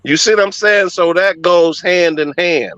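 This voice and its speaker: A man's voice: high-pitched, normal speed, fairly bright tone, no echo. A middle-aged man telling a story in casual conversation, emphatic and profane but heartfelt. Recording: dull lo-fi audio, dry.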